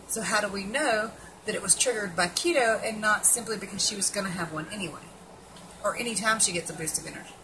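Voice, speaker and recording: A woman's voice: medium pitch, quick pace, background noise. A woman giving casual, blunt and sarcastic commentary on an article, swearing freely as she reacts. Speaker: keto vlogger.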